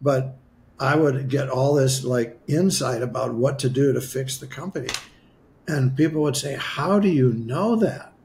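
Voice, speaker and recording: Gravelly man telling a personal story. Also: medium pitch, moderate pace, a little hiss or hum. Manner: animated, acts out his own past dialogue; conversational, with many asides and restarts. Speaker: spiritual healer guest.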